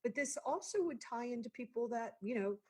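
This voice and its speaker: A woman's voice: on the high side, lively intonation, fairly quick, a little mellow, husky. A woman hosting an interview show, chatty and laughing easily. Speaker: podcast host. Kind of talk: casual interview chat.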